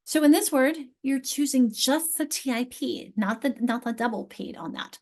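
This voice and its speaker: A woman's voice: sits high, normal speed. A woman presenting a teacher training session on reading and spelling, explaining step by step with frequent restarts and questions to her audience. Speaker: literacy workshop presenter.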